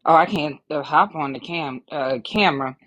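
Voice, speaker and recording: A woman calling in to a live show, asking rambling questions in a lively way. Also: low-pitched, moderate pace, no echo, highs cut off. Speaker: caller. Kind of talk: phone-in question.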